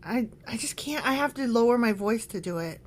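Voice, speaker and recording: A woman's voice: on the high side, animated, brisk, a little hiss or hum. Joking woman reading scripture aloud. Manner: joking, swears, laughs while reading. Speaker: podcast co-host. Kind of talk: casual Bible-study chat.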